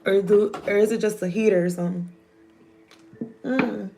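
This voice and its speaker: A woman's voice: medium pitch, fairly even intonation, moderate pace, gravelly, noisy background. A woman, giving a loose, joking, profane tarot reading. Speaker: tarot reader.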